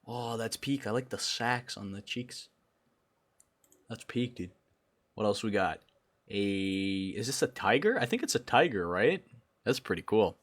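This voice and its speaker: Excitable young man streaming, lively pitch. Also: measured pace, long pauses. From Brazil. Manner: excitable, swings between loud outbursts and low mumbling. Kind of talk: casual livestream chat.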